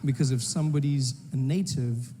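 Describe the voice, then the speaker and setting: A man's voice: medium pitch, steady tone, moderate pace, warm tone, a little hiss or hum. A South African man performing stand-up comedy in a conversational storytelling manner.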